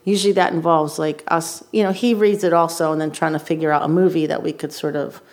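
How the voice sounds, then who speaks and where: A woman's voice: sits low, steady tone, fast, darkish tone. A woman TV director chatting candidly as a podcast guest, talking in fits and starts with many fillers. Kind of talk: casual podcast chat.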